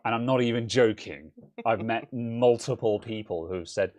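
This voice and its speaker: A man's voice: medium pitch, normal speed, darkish tone. A young English man with a Home Counties accent, co-hosting a casual tech live stream in a rambling, self-interrupting way. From England. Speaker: co-host.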